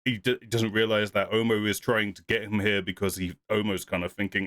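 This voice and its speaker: Chatty, low-voiced man reviewing an episode. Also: little pitch movement, brisk, fairly bright tone, no room sound. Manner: rambling, laughs often, acts out quotes. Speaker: podcast co-host. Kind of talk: casual review chat.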